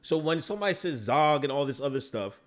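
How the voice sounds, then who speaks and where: A man's voice: a little high, lively intonation, fast. A man hosting a casual livestream, ranting and talking back to his chat with lots of profanity. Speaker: livestream host.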